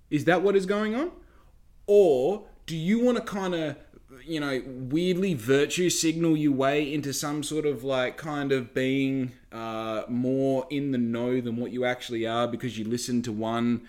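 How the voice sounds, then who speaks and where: A man's voice: fairly high pitch, a little mellow. A young Australian man telling a rambling story in casual talk, swearing often and firing off rhetorical questions.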